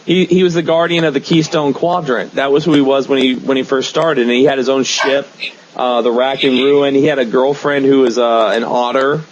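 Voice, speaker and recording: A man's voice: medium pitch, fairly even intonation, a little fast, a little hiss or hum. A man hosting a casual comic-book podcast, rambling enthusiastically with many fillers. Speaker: podcast host. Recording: dull lo-fi podcast recording.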